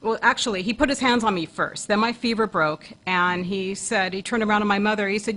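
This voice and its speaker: A woman's voice: mid-range voice, a little fast, hardly any pauses, fairly bright tone, poor audio. A woman co-hosting a talk show who earnestly recounts a vivid personal experience, often restarting her phrases. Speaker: co-host, paranormal investigator.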